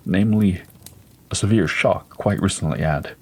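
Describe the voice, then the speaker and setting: A man reading aloud as a gentle, persuasive doctor in a spoken ghost story, calm and coaxing, pitched low with a husky, breathy edge. He sounds measured and patient, never hurried. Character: gentle, persuasive middle-aged male doctor.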